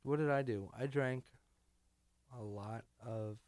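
Slow and a little mellow, a man's mid-pitched morning voice comes through a studio microphone with no room sound. He's a weary podcast co-host chatting casually, rambling, self-deprecating, and often trailing off.

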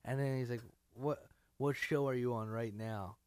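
This tired podcast co-host has a medium-pitched, somewhat mellow morning voice that stays steady at a moderate pace. Speaking into a studio microphone with slight background noise, he rambles casually, pokes fun at himself, and lets his sentences trail off.

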